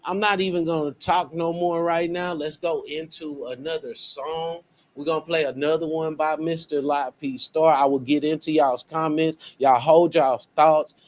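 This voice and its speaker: A young man, hosting a casual radio show in an earnest way, often repeating words as he talks. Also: a little high.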